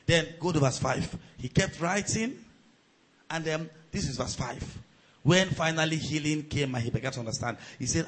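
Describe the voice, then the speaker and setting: A man preaching a sermon as pastor. His delivery swings between loud, shouted surges and quieter storytelling. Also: on the high side, normal speed, breathy edge, rough recording.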